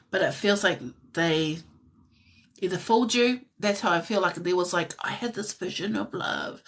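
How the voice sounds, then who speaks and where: A tarot reader with a low, breathy voice gives a live-stream reading in a soft, musing manner. Her speech drifts into whispers, and she laughs lightly and often.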